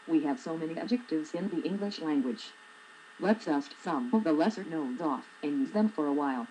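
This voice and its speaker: A woman's voice: sits low, lively intonation, brisk, mellow, slight background noise, low-quality recording. A woman in her forties, a blogger reading her own humorous essay aloud with a wry, sarcastic manner. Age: 40s.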